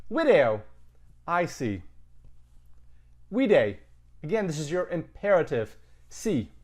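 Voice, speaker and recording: Slow-talking teacher. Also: male voice, on the high side, big pitch swings, a little mellow. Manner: thinking aloud, casual asides. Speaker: Latin teacher. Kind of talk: recorded lesson.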